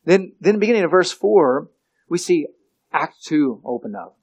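Man preaching with slow halting emphasis. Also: a little high, expressive, a little mellow. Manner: halting, repeats words, slows to stress phrases. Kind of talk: expository sermon.

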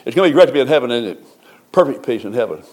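A male pastor preaching in a folksy, conversational way, moving between soft asides and slow, drawn-out emphasis. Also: medium pitch, animated. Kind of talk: sermon.

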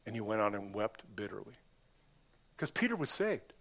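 A pastor preaching a sermon in a church, emphatic and impassioned, with sudden rises and drops in pitch and loudness. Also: male voice, sing-song, moderate pace, creaky.

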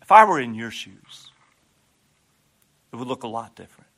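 A male pastor preaching a sermon in an animated way, acting out prayers and dropping humorous asides. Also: mid-range voice, moderate pace.

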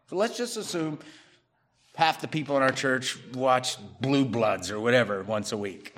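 Pastor guy preaching, chatty sermon, goes loud and punchy then drops quiet, acts out what people say. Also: medium pitch, expressive, normal speed. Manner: conversational preaching, swinging between loud emphatic bursts and quiet asides; acts out quoted people in his own voice.

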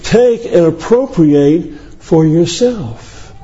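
Emphatic high-voiced preacher man. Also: expressive, extremely slow, mellow, muffled recording. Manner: emphatic, rising to high declamation on scripture lists. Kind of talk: sermon.

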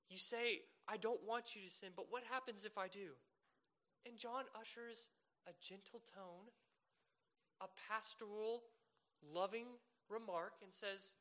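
A man preaching a sermon, earnest and emphatic, building to loud peaks and asking rhetorical questions. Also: high voice, unhurried.

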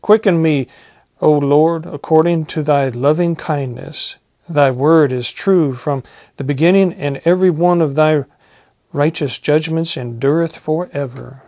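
A man preaching, reading psalms aloud in a slow, measured way and adding short comments. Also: a little high, a little mellow, dry recording. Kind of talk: Bible reading and sermon.

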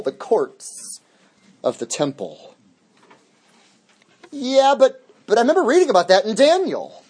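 A man's voice: on the high side, darkish tone, breathy edge. A man teaching a midweek Bible study as pastor, emphatic, restating key phrases over and over.

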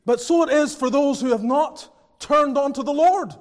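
A man preaching a sermon as pastor, earnest, moving between hushed and fervent passages. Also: extremely high pitch, moderate pace. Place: church sanctuary. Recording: church with long reverb.

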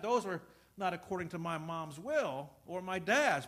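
A man's voice: sits high, lively intonation, normal speed, few pauses, fairly bright tone. A middle-aged man preaching a sermon, telling stories and acting out dialogue before rising to emphatic points. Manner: storytelling, acts out dialogue, rises to emphatic preaching. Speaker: pastor.

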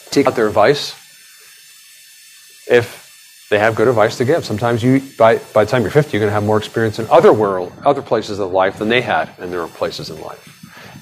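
Middle-aged man, pastor, chatty sermon, mid-pitched voice that leaps up on emphasis. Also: poor audio. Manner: conversational, rambling, with frequent restarts and asides; pitch jumps up sharply when emphatic.

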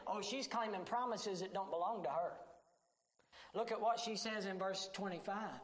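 A man's voice: very high voice, moderate pace. Male pastor, plain-spoken sermon, emphatic, roomy echo. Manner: emphatic, swinging between shouts and hushed tones.

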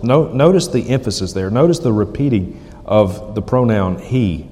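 A man preaching a sermon, emphatic, slowly repeating key phrases for weight. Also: on the low side, animated, dark tone, big-room sound. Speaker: pastor.

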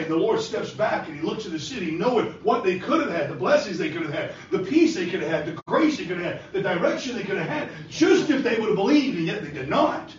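A man's voice: on the high side, sing-song, fairly quick, a little hiss or hum. A man preaching a sermon with an impassioned delivery that rises and falls, recorded in a church. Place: church sanctuary. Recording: echoey church hall from far off, dull and lo-fi.

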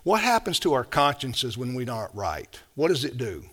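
A man preaching a sermon, passionate and full of rhetorical questions, swinging between loud emphatic stretches and hushed quiet ones. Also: medium pitch, sing-song, moderate pace, husky.

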